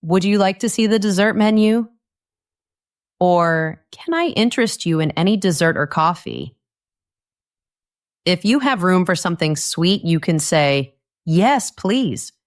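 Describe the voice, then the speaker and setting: A woman narrating a scripted English lesson, speaking clearly and patiently and acting out short dialogue lines. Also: on the low side, measured pace, pauses often. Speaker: English teacher.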